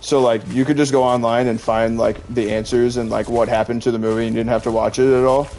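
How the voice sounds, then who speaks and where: Young male streamer, rambling filler-heavy chat over faint game music, gravel in the voice. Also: mid-range voice, flat delivery, fast talker, darkish tone. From Illinois, USA. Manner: rambling, heavy use of "like", laughs often. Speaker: gaming streamer. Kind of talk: casual chat while gaming.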